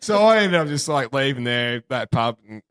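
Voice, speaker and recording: A man's voice: medium pitch, animated, moderate pace, fairly bright tone, smooth. A young Australian man hosting a podcast, telling rambling crude stories, swearing freely and laughing a lot. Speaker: podcast host. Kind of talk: crude casual banter.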